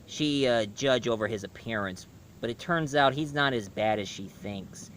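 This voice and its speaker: A man giving a casual cartoon review, retelling the story in a rambling way, full of fillers. His voice sits at a middle pitch with a bright, forward tone, and a faint noise hums behind him. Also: normal speed.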